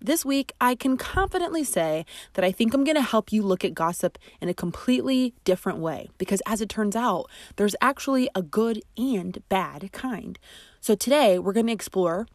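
A woman's voice: medium pitch, expressive, normal speed, darkish tone, no room sound, studio quality. A woman hosting an advice podcast as a friendship coach, talking in a chatty, emphatic way with asides. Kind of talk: scripted podcast narration and advice.

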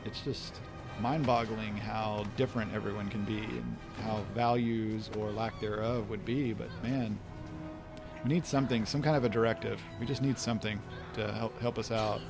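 A man's voice: fairly low pitch, steady tone, moderate pace, vocal fry, over music. A man hosting a podcast, giving a rambling, chatty commentary while watching an episode with a guest. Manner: rambling, chatty, laughs easily. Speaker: podcast host. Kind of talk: casual commentary chat.

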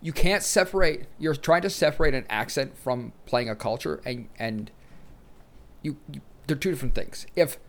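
A man's voice: mid-range voice, moderate pace, a bit bright. A man co-hosting a casual podcast chat, steering the conversation and moving topics along. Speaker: podcast co-host.

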